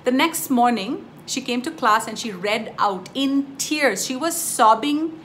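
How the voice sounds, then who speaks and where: A woman's voice: on the high side, expressive, unhurried, a bit bright, slight background noise. A woman giving a casual spiritual teaching, telling stories emphatically and addressing her viewers directly. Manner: emphatic, storytelling, addresses viewers as "you guys".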